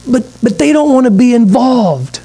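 A man's voice: very high voice, expressive, normal speed, mellow, breathy edge. A man, a pastor preaching a midweek sermon, reading scripture aloud and acting out little asides.

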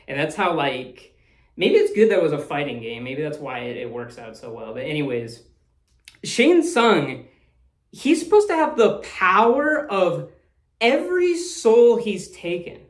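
A man's voice: on the high side, big pitch swings, moderate pace. A man talking casually as the host of a movie review, rambling, swearing freely and laughing often. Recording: roomy echo.

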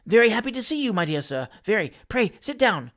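A narrator voicing a small, bustling election agent, effusive and brisk in a storybook reading. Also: mid-range voice, very animated, fairly bright tone.

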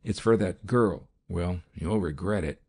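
A man's voice: sits low, unhurried, dark tone, slightly rough, exaggerated voice. A tart, threatening woman, as a male narrator reads her. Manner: tart, menacing.

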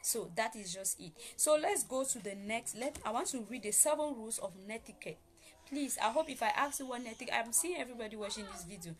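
A woman's voice: on the high side, expressive, fast talker. Emphatic woman teaching online manners. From Africa. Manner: repetitive and emphatic, explaining step by step. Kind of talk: casual spoken lesson to camera.

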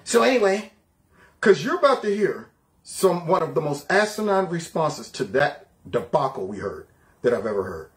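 A man hosting a political reaction show, talking in a sarcastic, mocking way. His voice sits fairly high for a man and he keeps the energy up. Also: big pitch swings, normal speed. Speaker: commentary host.

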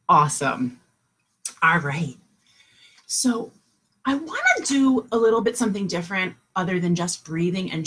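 A middle-aged woman teaching kindergartners over a video call at home, with a lively, sing-song teacher voice. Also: lowish voice, breathy edge. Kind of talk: online morning class for young children.

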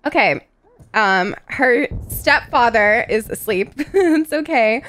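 A woman giving casual gameplay commentary in an excitable, gossipy and profane way. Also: sits high, slow pace. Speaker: gaming YouTuber.

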